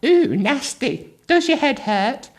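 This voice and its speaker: A man voicing a soft-spoken, effeminate male cinema attendant who fusses with concern. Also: very animated, heavily acted. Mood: fussing. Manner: high, drawn-out, fussy concern.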